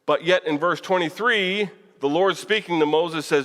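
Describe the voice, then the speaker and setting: A man's voice: fairly high pitch, moderate pace, a bit bright. A man preaching in a casual, conversational way, asking the room questions and chuckling now and then. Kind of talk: Bible class teaching. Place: church hall. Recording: long church reverb.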